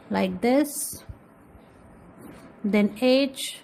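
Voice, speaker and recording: A woman with a fairly high voice leads a kindergarten lesson. She draws out each letter sound slowly and keeps repeating words. She calls out to the children often, guiding them step by step. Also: gravelly, a little mellow, low-quality recording. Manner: slow, drawn-out phonics sounds. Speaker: kindergarten teacher. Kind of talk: classroom lesson.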